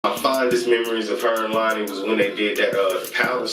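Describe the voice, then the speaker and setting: A man's voice: fairly low pitch, brisk. Hyped man, echoey room, music under. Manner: excitable, chants call-and-response catchphrases. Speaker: host reviewing online comedy channels. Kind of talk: casual hyped-up vlog shout-outs. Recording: roomy echo, mic at a distance, music behind.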